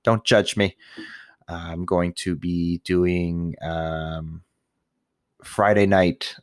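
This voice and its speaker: Speaking extremely slowly in a low, fairly even voice, a young new father talks casually and candidly to the camera in a personal monologue. He rambles, swears often, and laughs at himself. The sound is clean studio quality with no echo.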